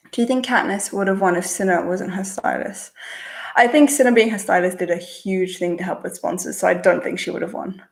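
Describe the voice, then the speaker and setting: A young woman hosting a casual livestream, reading out chat questions and answering in a relaxed, chatty way, thinking aloud before she replies. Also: medium pitch, vocal fry. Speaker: channel host.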